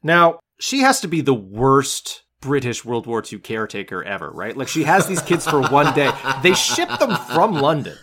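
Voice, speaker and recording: A man co-hosting a podcast, casually recapping a film in an animated way and acting out lines from it. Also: mid-range voice, moderate pace, few pauses, noisy background. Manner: animated recapping, acts out quotes. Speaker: podcast co-host.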